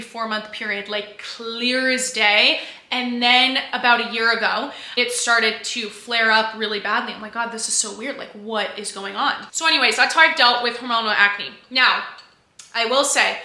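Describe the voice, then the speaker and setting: A woman's voice: a little high, sharp tone, echoey room. A woman in her twenties chatting candidly to camera as a vlogger, with lots of fillers and restarts. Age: 20s. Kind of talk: casual chat to camera.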